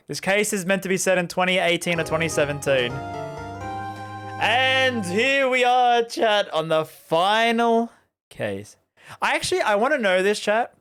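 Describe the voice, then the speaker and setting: A man's voice: high voice, lively intonation, measured pace, long pauses, fairly bright tone, clean tone, faint music behind. A man streaming a game, chatting loosely with his viewers and using lots of filler words. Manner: chatty, rambling, addresses chat often, fillers like "like". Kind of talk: casual let's-play commentary.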